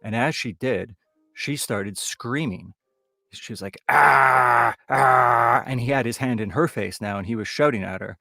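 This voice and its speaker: A man's voice: lowish voice, moderate pace, fairly bright tone, no room sound, clean studio sound, soft background music. A man from the Toronto area telling a ghost story in a loose, conversational way that builds suspense. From Toronto area, Canada. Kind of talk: live comic storytelling.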